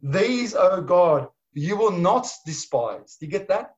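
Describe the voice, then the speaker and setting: A man preaching a sermon with passion, swinging from loud pleading to hushed tones. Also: sits high, lively intonation, a little slow. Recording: dull lo-fi sound.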